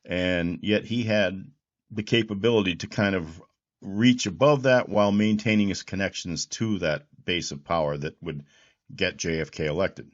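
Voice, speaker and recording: At a moderate pace, a low-voiced host in his sixties delivers political commentary that is reflective and draws on history. His monologue rambles with restarts and repeated words, recorded with dull audio.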